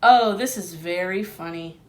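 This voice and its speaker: A woman's voice: lowish voice, a little slow, pitched below the performer's own voice, close to an everyday voice. A woman voicing an amused, knowing male farm horse in a storybook.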